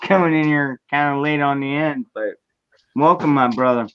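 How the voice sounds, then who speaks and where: A man hosts a casual livestream, talking bluntly with plenty of swearing and calling out to viewers who drop in. His pitch sits in the middle range. The mic sounds dull, lo-fi and dry. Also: moderate pace, fairly bright tone, smooth, dry recording. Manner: blunt, profane, welcoming viewers. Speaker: livestream host.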